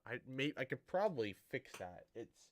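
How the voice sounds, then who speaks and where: A man's voice: mid-range voice, big pitch swings, moderate pace. A man streaming a building game, chatting casually to viewers in a rambling, self-interrupting way with a dry, sarcastic-sounding tone.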